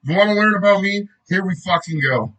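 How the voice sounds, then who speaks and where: A man's voice: high-pitched, a little fast, pushed and bright, poor audio. A man reading a book aloud in a casual way, often breaking off to joke, swear and laugh.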